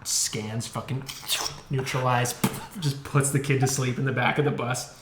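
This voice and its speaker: A young man chats casually on a podcast, telling a story and acting out the voices of the people in it. He speaks at a middling pitch and swears freely. The room sounds echoey, with faint noise behind him. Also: fairly even intonation, moderate pace. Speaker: podcast co-host. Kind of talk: casual chat.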